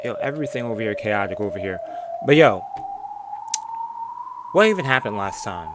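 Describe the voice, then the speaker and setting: A man's voice: on the low side, expressive, normal speed, background noise. A man streaming live in casual chat, playful, laughing often and tripping over his own words.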